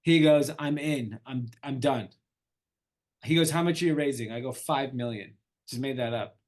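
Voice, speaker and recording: A man's voice: mid-range voice, normal speed. Middle-aged man telling a story animatedly. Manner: animated storyteller, acts out quoted dialogue. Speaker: entrepreneur guest. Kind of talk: casual interview storytelling.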